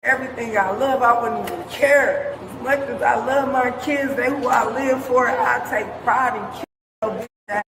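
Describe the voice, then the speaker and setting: A woman's voice: a little high, moderate pace. A woman detained by police, furious and cursing, hurling threats at the officers. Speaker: detained driver. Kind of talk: heated confrontation with police. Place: police stop and hospital room. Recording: echoey room with long reverb, faint noise.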